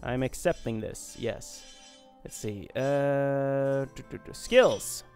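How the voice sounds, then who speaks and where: A man's voice: mid-range voice, slow pace, a little mellow, soft background music. A man giving casual, joking, profane commentary while playing a fantasy role-playing game. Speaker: gaming video host. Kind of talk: casual let's-play commentary.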